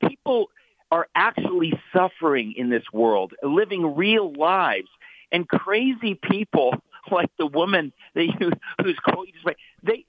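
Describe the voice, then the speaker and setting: A man's voice: high voice, no room sound. A middle-aged man talking as a guest commentator, emphatic and mocking, stumbling over repeated words. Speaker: guest author. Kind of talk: heated talk show commentary. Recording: tinny phone line.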